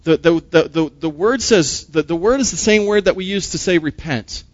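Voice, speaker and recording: A man's voice: on the high side, normal speed, no echo, muffled recording. A man preaching a sermon as a pastor. He speaks emphatically, asks rhetorical questions and often repeats words.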